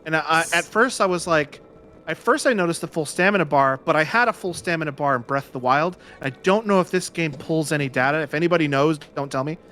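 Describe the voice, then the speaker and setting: A man's voice: a little high, quick pace, pushed and bright, a little hiss or hum. A man playing a game on a livestream, talking through it casually, laughing and joking in silly voices. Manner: chatty, laughs a lot, puts on silly voices. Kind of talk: casual gaming chat.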